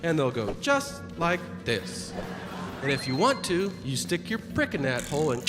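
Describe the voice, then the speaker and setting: A man voicing a gruff middle-aged male adult-store clerk who talks in a flat, matter-of-fact way. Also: on the high side, moderate pace, big-room sound, music in the background. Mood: blunt.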